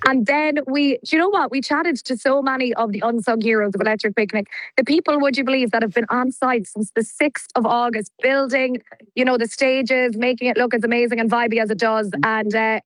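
Bubbly high-voiced Irish woman. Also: fairly even intonation, a little fast, dry recording, low-quality recording. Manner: bubbly, chatty, laughs often. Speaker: radio presenter reporting live from a festival. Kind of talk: live radio phone-in chat. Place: outdoors in heavy rain at a festival.

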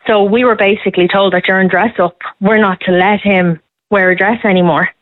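A woman's voice: mid-range voice, fairly even intonation, fast, no echo. A woman, calling in to a radio show and chatting emphatically, with ready laughs. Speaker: caller, podcast host. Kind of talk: casual radio phone-in chat. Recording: tinny phone line.

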